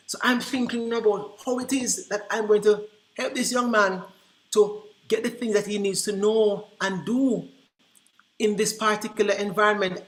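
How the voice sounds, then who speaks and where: A man presenting to early childhood teachers, telling classroom stories in an animated way and acting out the dialogue. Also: sits high. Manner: animated, acts out quoted dialogue. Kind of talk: storytelling presentation. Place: conference room. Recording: roomy echo.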